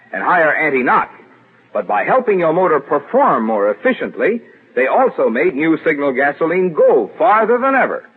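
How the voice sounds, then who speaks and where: A man announcing and reading a commercial in a smooth salesman's pitch, on a tinny 1940s radio broadcast.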